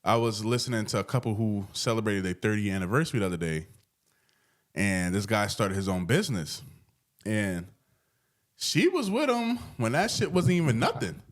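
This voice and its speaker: Laid-back man with a low voice, co-hosting a podcast. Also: normal speed. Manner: relaxed conversational, storytelling with slang. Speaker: podcast co-host. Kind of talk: casual chat.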